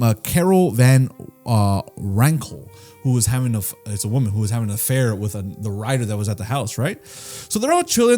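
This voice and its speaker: A man on a podcast, telling a story in casual, profane chat and acting out the voices of the people in it. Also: medium pitch. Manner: animated, profane, acts out quoted voices. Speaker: podcast co-host.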